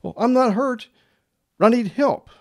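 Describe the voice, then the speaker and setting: A preacher acting out a frantic man who clings to a cliffside bush and yells for help, in a raised, strained voice. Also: extremely high pitch, measured pace, voice pushed up.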